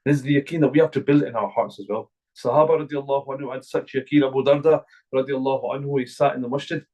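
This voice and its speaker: A man's voice: medium pitch, steady tone, quick pace, mellow, poor audio. A middle-aged man from Glasgow, an imam giving an earnest, repetitive religious talk to a gathering. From Glasgow, Scotland. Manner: earnest, repetitive, emphatic preaching.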